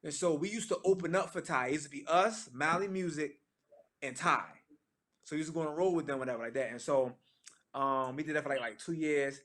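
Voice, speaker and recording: A man in his thirties, a gospel singer, tells a story to a church audience in a lively, slangy way and acts out the lines he quotes. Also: fairly high pitch, a little fast.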